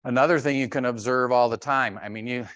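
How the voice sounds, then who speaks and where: A middle-aged man giving a health workshop, telling animated stories and acting out sounds and voices. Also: mid-range voice, brisk, no room sound, studio quality. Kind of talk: lively workshop talk.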